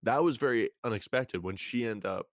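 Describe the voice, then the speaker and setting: A young man co-hosting a podcast, chatting casually about a TV show, talkative and quick to laugh. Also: medium pitch, no echo, studio quality. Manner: chatty, laughs often, trails into restarts. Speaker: podcast co-host. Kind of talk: casual chat recapping a TV show.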